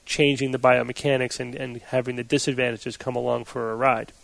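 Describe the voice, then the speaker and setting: A man hosting a podcast in casual panel chat, relaxed and laughing easily. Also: mid-range voice, fairly quick, creaky, no echo. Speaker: podcast host.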